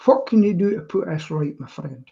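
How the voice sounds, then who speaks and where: A woman's voice: fairly low pitch, normal speed, gravelly, muffled recording. A woman on a live stream tells a story casually over a video call, acting out both sides of the dialogue with lots of energy. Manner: animated anecdote teller who acts out both sides of dialogue. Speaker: regular panelist on a live stream.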